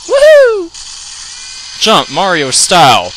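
A man giving joking, goofy let's play commentary, yelling when the fighting heats up. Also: mid-range voice, big pitch swings, slow, long pauses, noisy background. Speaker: gaming commentator.

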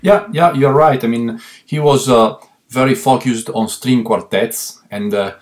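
A man with an Italian accent, Italian his first language, a violist guest in a remote interview, talking haltingly with many fillers and repeated words. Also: mid-range voice. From Italy. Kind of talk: interview over a remote line.

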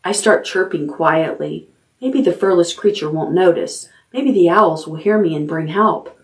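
A woman librarian reading a chapter book aloud at bedtime, unhurried and expressive. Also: lowish voice, recorded from a distance.

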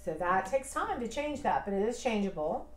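A woman's voice: medium pitch, big pitch swings, moderate pace, roomy sound. A woman in her fifties in a casual personal vlog, talking in a rambling, reflective and heartfelt way. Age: 50s. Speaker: vlogger.

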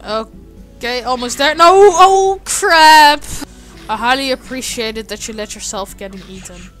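High, bright-voiced swearing gamer woman. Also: animated, measured pace, faint music behind. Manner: swears a lot, with frequent shouted frustrated outbursts. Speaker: gaming video host. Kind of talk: let's play commentary.

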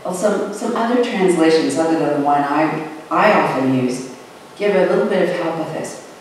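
A preacher delivering a sermon in a measured way, stretching out key words for emphasis. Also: mid-range voice, lively intonation, slight background noise. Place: large church sanctuary. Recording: echoey hall, voice from far off.

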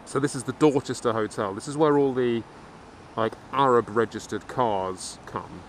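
A man's voice: medium pitch, normal speed. A man chatting and swearing casually while riding a motorbike through city traffic. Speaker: motorcycle vlogger. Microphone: helmet camera mic. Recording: loud wind and traffic noise.

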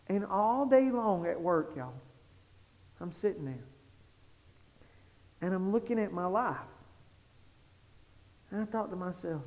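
A man preaching a sermon, telling stories animatedly and swinging from hushed tones to shouting. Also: sits high, lively intonation, a little slow, long pauses. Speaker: pastor. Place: church sanctuary. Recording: lo-fi sound with long hall reverb.

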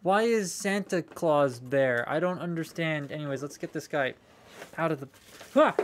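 A man's voice: on the high side, moderate pace. A young man chatting casually on a live stream while unboxing collectible toys, rambling, swearing freely and answering viewer comments.

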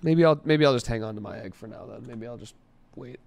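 A young man streaming a game with a friend, excitable, yelping and swearing as he plays. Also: medium pitch, fast talker, vocal fry. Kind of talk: casual gaming chat.

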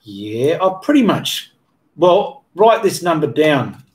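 This art channel host answers live chat during a casual painting-channel livestream, reading comments out loud and rambling through replies while correcting himself partway through sentences. He speaks slowly in a fairly high, slightly mellow voice with a sing-song lilt.

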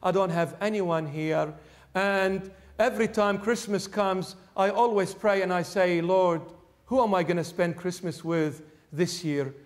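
A man voicing a lonely, sad elderly widow in a spoken sermon story, in a lowered, subdued voice. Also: fairly even intonation, unhurried. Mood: sorrowful.

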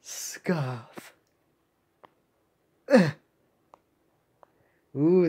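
A woman's voice: mid-range voice, darkish tone. A young woman casually reading game cutscenes aloud, giggling and cracking jokes between lines. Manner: giggly, joking asides. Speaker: video game cutscene reader. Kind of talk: casual commentary with read-aloud voices.

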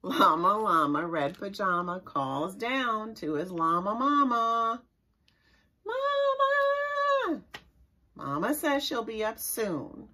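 A woman, a children's librarian, reads a picture book aloud to young children in an expressive, sing-song way and stops now and then to explain words. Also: medium pitch, takes it slowly, few pauses. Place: library story time recorded for online viewing.

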